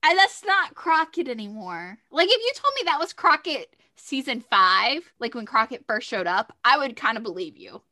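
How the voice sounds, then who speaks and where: A woman co-hosting a podcast, gushing excitedly as she retells TV scenes in casual chat. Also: fairly high pitch, normal speed, few pauses, no echo, clean studio sound. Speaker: podcast co-host. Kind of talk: casual fan chat about a TV show.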